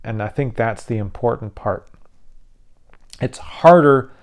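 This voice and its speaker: A man's voice: medium pitch, measured pace. A tired, yawning man hosting his own channel, rambling casually with frequent restarts as he explains tabletop game rules. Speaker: YouTube channel host.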